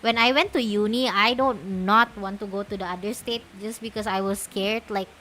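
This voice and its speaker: A woman's voice: mid-range voice, steady tone, moderate pace, a bit bright, a little hiss or hum. A young woman from Malaysia with a Malaysian accent, chatting on a stream in a giggly, rambling way. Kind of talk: casual chat stream.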